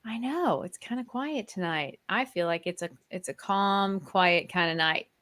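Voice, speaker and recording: A woman with a Midwestern accent co-hosting a casual podcast, talking in a slow, meandering way and laughing often. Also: mid-range voice, fairly bright tone. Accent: Kansas City, Midwestern US. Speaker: podcast co-host. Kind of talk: casual chat.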